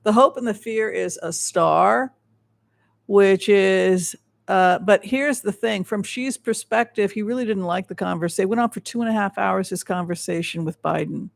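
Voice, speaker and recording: High-voiced gravelly man, rambling. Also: moderate pace, no room sound. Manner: rambling with frequent restarts, emphatic. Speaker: psychic show host. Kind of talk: livestream tarot and remote-viewing commentary.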